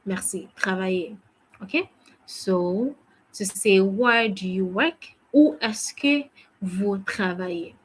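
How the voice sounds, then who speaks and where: A woman's voice: medium pitch, slow pace, slightly rough, rough recording. A woman teaching a French lesson, patiently drilling phrases and praising each answer. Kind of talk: language lesson.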